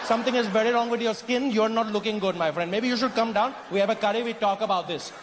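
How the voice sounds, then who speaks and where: A man's voice: high-pitched, quick pace, pitched above the performer's own voice, lightly acted. A comedian voicing a blunt, mocking local man, unbothered and teasing. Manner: blunt, mocking, matter-of-fact. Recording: echoey venue with faint noise.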